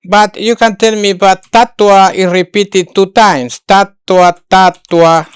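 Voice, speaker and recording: A woman teaching a Sanskrit lesson online, thinking aloud while she works on screen, halting and repeating words, often restating them in Spanish. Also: mid-range voice, steady tone, clear, resonant tone, no echo, studio quality.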